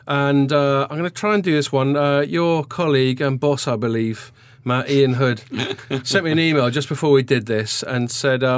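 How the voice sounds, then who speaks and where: A man's voice: medium pitch, fairly even intonation, moderate pace, hardly any pauses, no room sound. A man hosting a podcast, chatty and jokey, often trailing off mid-sentence. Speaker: podcast host. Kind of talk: casual chat.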